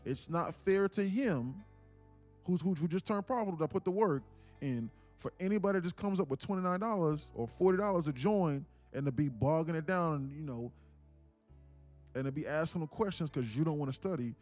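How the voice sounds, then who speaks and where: A man's voice: a little high, fairly quick, darkish tone, faint music behind. A man hosting a live trading stream and mentoring viewers, talking in a rambling, slangy way with many restarts. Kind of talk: casual live-stream talk.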